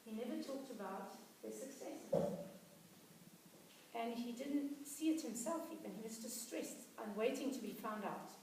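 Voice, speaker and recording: A woman's voice: fairly high pitch, a little slow. A woman executive coach giving a workshop talk, telling case stories conversationally with frequent restarts. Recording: echoey room, voice far from mic, faint noise.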